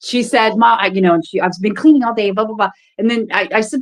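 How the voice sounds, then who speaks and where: A woman's voice: medium pitch, fast talker, few pauses, rough recording. A woman co-hosting a casual livestream chat, blunt and profane, telling stories. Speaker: livestream co-host.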